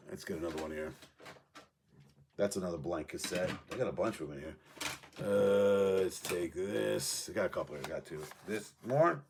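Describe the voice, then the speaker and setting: A man's voice: fairly low pitch, fairly bright tone, slight background noise. A man rambling casually about his past, profane and offhand, trading memories as he goes. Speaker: music show host.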